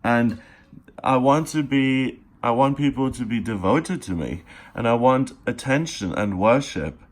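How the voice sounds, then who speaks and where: A man giving a daily tarot reading, speaking straight to the listener in an earnest, encouraging way, unhurried, with pauses and fillers. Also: medium pitch, animated. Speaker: tarot reader.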